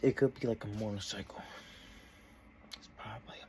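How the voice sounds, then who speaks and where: A man's voice: lowish voice, fairly even intonation, a little fast, mellow, whispered. A young man in a casual vlog, talking from his desk in a meandering, self-interrupting way. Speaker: vlogger.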